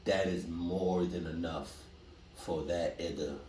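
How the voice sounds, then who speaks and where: A man reacting to scary stories in casual slangy commentary with loud animated outbursts. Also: deep voice, slow. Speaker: reaction streamer. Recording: distant roomy mic with faint noise.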